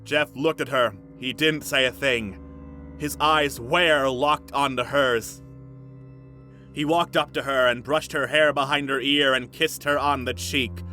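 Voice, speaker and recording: A man's voice: medium pitch, fairly even intonation, a little slow, sharp tone, soft background music. A young man reading a story aloud for laughs, breaking off with dry, mocking asides. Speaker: comedic story reader. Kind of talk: sarcastic dramatic reading with commentary.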